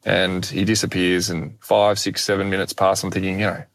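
A young man, an animated, self-deprecating guest telling a personal story in conversation. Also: deep voice, a little fast, creaky, no room sound. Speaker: guest speaker.

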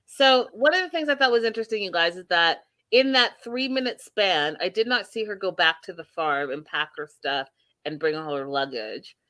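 A woman's voice: lowish voice, animated, normal speed, bright, forceful tone, no echo. A woman hosting a casual reality TV recap, emphatic and repeating phrases for effect. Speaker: show host.

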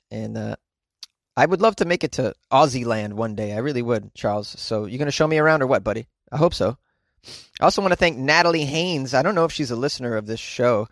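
A man's voice: mid-range voice, no room sound. Joking male podcast host, dry sound. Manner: chatty and joking, with frequent "uh"s. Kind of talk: casual solo podcast chat reading listener mail. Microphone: home podcast mic.

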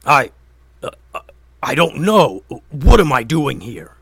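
A man voicing a dim, confused male cave troll who speaks loudly and hesitantly in a read-aloud story. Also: medium pitch, very animated, vocal fry, husky, no room sound, exaggerated voice. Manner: loud, slow, bewildered, hesitant.

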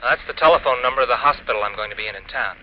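An actor playing a calm, loving husband. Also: male voice, mid-range voice, rapid-fire, close to an everyday voice. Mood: reassuring. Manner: calm, affectionate, reassuring. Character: ill husband speaking on a recorded message. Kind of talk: 1940s radio acting. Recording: muffled old radio broadcast, faint hiss.

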